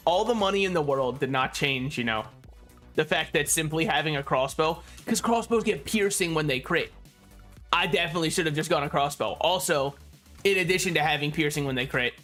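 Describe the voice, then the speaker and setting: A man's voice: fairly high pitch, pushed and bright. Rambling, joking young man streaming a game. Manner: rambling, joking, laughs often. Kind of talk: casual gameplay commentary.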